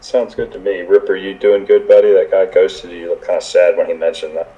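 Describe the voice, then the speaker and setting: Deep, mellow-voiced man at the game table. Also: level tone, brisk, low-quality recording. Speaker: player.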